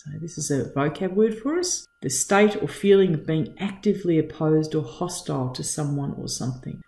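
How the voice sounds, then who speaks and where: An English teacher reading a novel aloud and explaining it in an unhurried way, with fillers like "uh" and "um". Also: mid-range voice, expressive, creaky, warm tone, roomy sound. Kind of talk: reading and literary analysis lesson.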